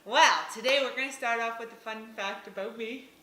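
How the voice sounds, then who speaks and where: A woman's voice: a little high, a little fast, bright, forceful tone, reverberant. A woman co-hosting a casual morning talk show, giggling often and playful. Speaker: co-host. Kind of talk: casual chat.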